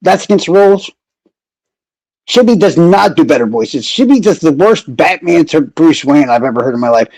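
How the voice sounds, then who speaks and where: A man's voice: on the high side, lively intonation, normal speed, darkish tone, dry recording, low-quality recording. A man talking casually and sarcastically to viewers on a live stream, rambling and cursing. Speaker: true crime streamer.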